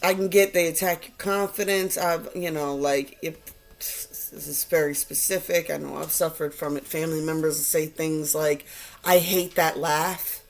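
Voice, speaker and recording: A woman giving a casual tarot reading to viewers, animated and quick to mimic the people she quotes. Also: low voice, vocal fry. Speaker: tarot reader.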